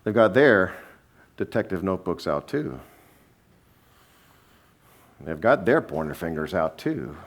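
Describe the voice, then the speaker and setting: A man preaching a sermon as pastor, animated and humorous, acting out the people in his story. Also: low voice, unhurried, pauses often. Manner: animated storytelling, acting out quotes with shifting voices; sarcastic, humorous asides.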